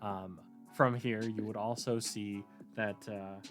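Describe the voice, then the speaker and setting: A man's voice: on the low side, steady tone, slow, fairly bright tone, soft background music. A man narrating a tabletop game as game master, hesitant and full of fillers. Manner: hesitant, many fillers and restarts.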